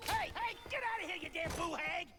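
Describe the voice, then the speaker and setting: An actor playing a gruff, superstitious old Southern man guarding his porch in a video game. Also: very high-pitched, fairly quick, loud music behind the voice. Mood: alarmed.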